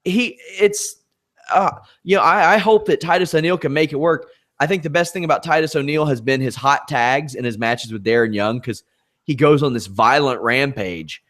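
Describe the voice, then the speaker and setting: A man's voice: medium pitch, moderate pace, fairly bright tone. A man hosting a podcast, moving through topics in a conversational way and putting questions to his co-host. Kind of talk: casual podcast chat.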